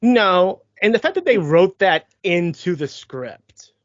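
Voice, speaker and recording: A podcast co-host in casual chat, explaining points in a measured way. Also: medium pitch, very animated, no room sound. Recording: dull lo-fi dry sound.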